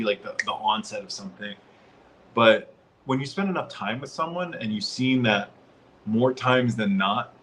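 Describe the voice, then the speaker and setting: A man talking casually and reflectively as a guest co-host, pausing with ums now and then. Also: fairly low pitch, a bit bright, slight background noise, low-quality recording. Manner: reflective, halting with ums, swears for emphasis. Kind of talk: casual conversation.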